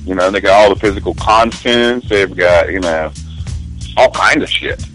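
A man's voice: low-pitched, normal speed, a bit bright, faint music behind, low-quality recording. A man co-hosting a talk show, laid-back and slangy, calling everyone "man" and "dude". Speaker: co-host. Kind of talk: casual crude banter.

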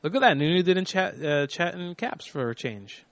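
A man's voice: sits high, very animated, moderate pace, a bit bright, no echo. Rambling profane man hosting a live stream. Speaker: host of a call-in prank show. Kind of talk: casual live-stream talk.

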